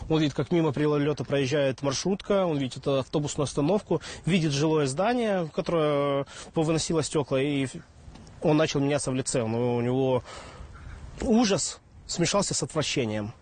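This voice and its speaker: Guy in a documentary talking fast, slightly high voice, vivid retelling. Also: a little mellow. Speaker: commentator. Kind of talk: documentary interview.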